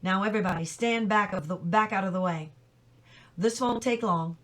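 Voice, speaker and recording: A woman voicing a calm, steady farmer father who speaks in an even, reassuring way. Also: medium pitch, moderate pace, close to an everyday voice.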